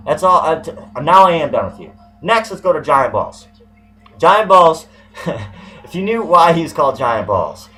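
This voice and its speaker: A man's voice: a little high, fairly bright tone, poor audio. A young man ranting profanely into the camera in a vlog, swearing heavily and switching between anger and praise for a friend. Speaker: vlogger.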